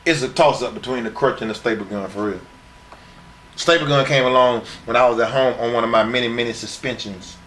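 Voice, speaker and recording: A man's voice: mid-range voice, brisk, fairly bright tone, slight background noise. A middle-aged man in a sit-down interview, telling brash and profane stories from his wrestling years and acting out what others said. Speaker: retired wrestler being interviewed. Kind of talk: profane shoot-interview storytelling.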